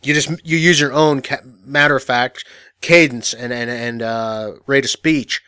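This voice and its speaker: A man's voice: mid-range voice, steady tone, unhurried, pushed and bright, smooth, dry recording, studio quality. A man teaching an instructional audio course in a matter-of-fact, casual way, full of fillers and restarts. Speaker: dating coach.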